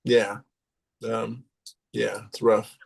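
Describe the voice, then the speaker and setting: A man's voice: on the low side, little pitch movement, very slow, creaky, husky. A man hosting a podcast in casual chat, easygoing and teasing.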